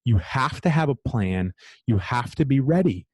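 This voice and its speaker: A man's voice: mid-range voice, animated, normal speed, breathy edge, no room sound. A man who owns a gym, talking in a casual podcast interview in a blunt, driven way and swearing freely. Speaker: gym owner, guest.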